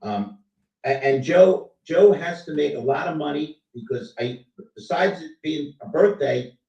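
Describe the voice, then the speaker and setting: A man hosting a casual online chat, animated and teasing, his voice rising and falling as he talks. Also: a little high, a little slow. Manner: animated, teasing, swings loud and soft. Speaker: host. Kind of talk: casual chat on a video call. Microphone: video call. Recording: dull, roomy sound, distant from the mic.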